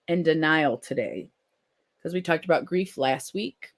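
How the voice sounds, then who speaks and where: A live-stream host reading viewer comments aloud in a casual chat and answering gently and supportively, with frequent ums and restarts. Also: mid-range voice, big pitch swings, a little slow.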